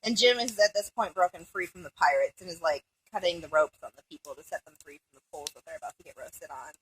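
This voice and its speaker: A woman's voice: lowish voice, quick pace, a bit bright, slight background noise, rough recording. A woman casually recapping a movie among friends, rambling and profane, giggling and jumping off into asides.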